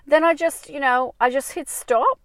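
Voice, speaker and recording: A woman's voice: sits high, normal speed, a bit bright, no echo. Brief: woman dating-coach podcaster, raw confessional monologue, salty language, close dry mic in a parked car. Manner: confessional, rambling, swears freely. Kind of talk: candid solo podcast monologue. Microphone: small clip-on mic on a phone.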